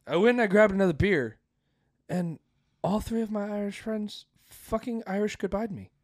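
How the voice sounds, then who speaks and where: A man's voice: sits high, normal speed, a little mellow, no echo, clean studio sound. A man co-hosting a podcast, telling stories in rambling, profane chat with many restarts and laughs. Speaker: podcast co-host. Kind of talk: casual podcast banter.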